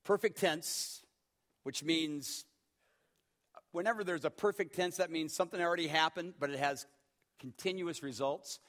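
Middle-aged man, pastor, sermon, high voice, emphatic, hushed to shouting. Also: moderate pace, long pauses.

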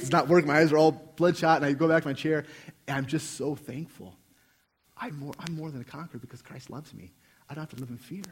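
A young man delivers a sermon in church, sharing a personal story in an earnest way with many restarts. His pitch sits a little high and swings widely. His voice has a slightly husky edge. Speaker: preacher. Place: church sanctuary.

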